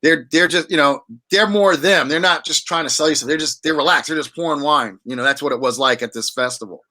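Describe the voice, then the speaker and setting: Bright-voiced man rambling about his past. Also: a little high, quick pace. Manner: rambling, many restarts and fillers. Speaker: wine auctioneer and guest. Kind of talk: casual interview chat.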